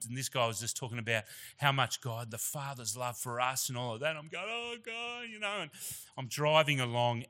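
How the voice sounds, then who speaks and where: Aussie guy preaching at church, middle-aged, chatty and earnest, gets emotional, bright forceful voice. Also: mid-range voice. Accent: Australian. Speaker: guest preacher. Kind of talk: sermon with personal storytelling.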